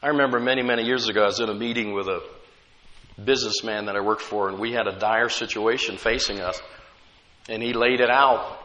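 A man's voice: fairly low pitch, fairly even intonation, a little fast, bright, forceful tone, long reverb tail, lo-fi sound, a little hiss or hum. A man preaching a sermon as pastor, conversational, with frequent rhetorical questions to the congregation.

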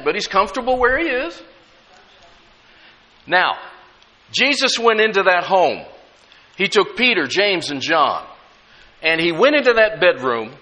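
Middle-aged preacher guy, animated and bright, chatty sermon in an echoey church. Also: sits high. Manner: emphatic, conversational, with humorous asides. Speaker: pastor. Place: church sanctuary.

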